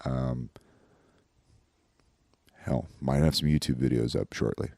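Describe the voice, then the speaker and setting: A very low-voiced man rambles casually through the show's wrap-up. His tone is dark and mellow. The sound is close and dry, with no room in it. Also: fairly even intonation, slow, vocal fry, no echo. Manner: rambling, loose, with many fillers. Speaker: podcast host and comedian.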